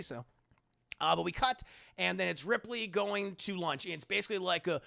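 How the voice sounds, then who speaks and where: Bright gravelly man, sarcastic movie recap. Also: sits high. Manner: sarcastic, jokey, swears freely, acts out characters in quick asides. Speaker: movie reviewer streaming to a live chat. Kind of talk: casual profane film recap.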